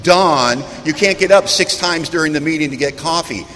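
High-voiced man telling stories in a hall. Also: normal speed, a bit bright. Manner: humorous, earnest storytelling. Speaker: recovery meeting speaker. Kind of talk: storytelling talk to a meeting. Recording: long hall reverb, faint background noise.

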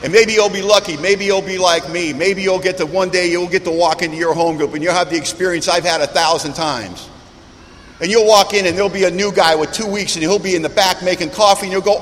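A high-voiced man tells humorous yet earnest stories to a recovery meeting. His voice carries a long hall reverb, with faint background noise underneath. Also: fairly even intonation, fairly quick, a bit bright. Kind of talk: storytelling talk to a meeting.

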